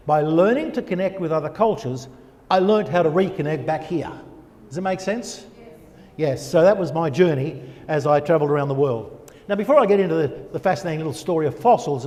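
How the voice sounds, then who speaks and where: An older man gives an animated personal testimony, firing rhetorical questions and answering them himself. His voice sits fairly high for a man, and a long reverb of a church hall trails each phrase. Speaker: guest speaker.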